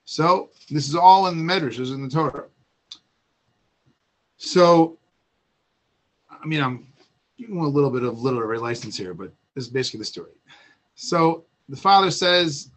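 A man giving a Torah talk, telling an old story in a lively, casual way full of asides and restarts. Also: a little high, moderate pace, long pauses.

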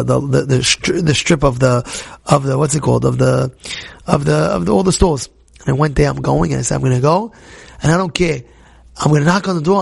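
A young man tells a religious story to a class in a gravelly, rough-edged voice. He gets excitable, stumbles over repeated words and acts out the people he quotes. His voice sits a touch higher than most men's. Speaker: Torah teacher.

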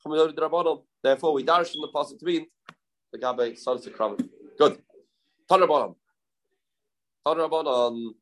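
A man's voice: a little high, fast, a bit bright. A man teaching a Talmud lesson, chanting quoted verses in a sing-song and asking and answering his own questions. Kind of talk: Talmud lecture.

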